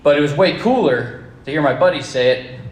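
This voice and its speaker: A man telling a personal story live to an audience, with wry, deadpan humor and casual swearing. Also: fairly high pitch, a little fast, reverberant. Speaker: storyteller at a campfire event.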